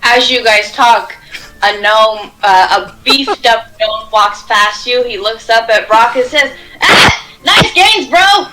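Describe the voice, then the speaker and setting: A woman narrating a tabletop game as game master, telling the scene in a lively, quick way. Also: fairly high pitch, a little hiss or hum, poor audio.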